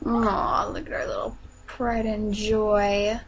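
A woman's voice: mid-range voice, flat delivery, slow pace, slight background noise, rough recording. A woman hosting a let's play video, chatting casually to viewers and coaxing her game characters along. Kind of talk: casual gameplay commentary.

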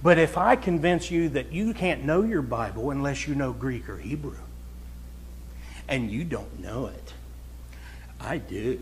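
A man's voice: medium pitch, animated, measured pace, long pauses, a little hiss or hum. A pastor preaching a conversational, folksy sermon to his congregation, chatting with listeners and then building to emphatic, raised points.

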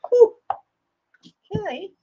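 A woman's voice: extremely slow, dull audio, heavy background noise. A woman chatting casually to viewers and herself while she works on a craft project. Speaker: craft video host.

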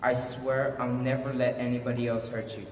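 A male performer gives a teenage son, desperate and earnest, pleading with his mother in a stage monologue, his voice sitting at an ordinary middle pitch. He sounds like he is captured from far off in an echoey hall with a long ringing tail and faint background noise. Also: level tone, moderate pace, lightly acted. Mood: tender. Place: school auditorium.

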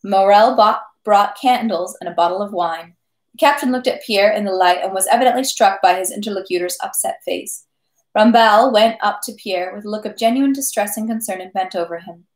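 A woman reading a classic novel aloud at a steady pace, with small slips and self-corrections. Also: mid-range voice, a little fast. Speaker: reader of a novel. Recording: echoey room.

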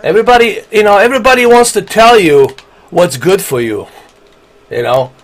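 A man's voice: high-pitched, moderate pace. A man, ranting angrily and profanely while live-streaming a game. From Bosnia. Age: 40s. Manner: angry, profane, combative.

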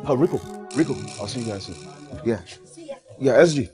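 A man's voice: medium pitch, expressive, fairly quick, mellow, faint music behind, lightly acted. A young man with a Nigerian accent playing an affectionate grown son. He teases and sweet-talks his parents on the phone and switches between English, pidgin and Yoruba. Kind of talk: film dialogue.

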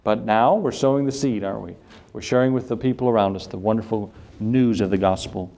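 A man's voice: fairly low pitch, fairly quick, dark tone. A man preaching a sermon as pastor, earnest and building to emphatic questions. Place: church sanctuary.

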